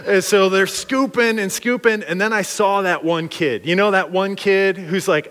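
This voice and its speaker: Animated preacher man, long hall echo. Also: high voice, moderate pace, hardly any pauses. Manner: animated, joking, acts out quotes. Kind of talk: storytelling sermon.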